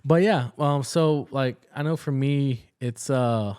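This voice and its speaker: A man's voice: medium pitch, slow, darkish tone, smooth. A man co-hosting a casual podcast, a newly trained nurse telling work stories in a rambling way with many restarts. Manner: rambling, full of restarts and quoted dialogue. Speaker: podcast co-host, new nurse. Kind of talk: casual chat.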